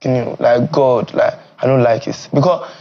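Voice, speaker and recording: A young Nigerian man who streams and makes content, chatting in an interview in Nigerian Pidgin English. His talk is animated and often jumps high and loud. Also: moderate pace, muffled recording.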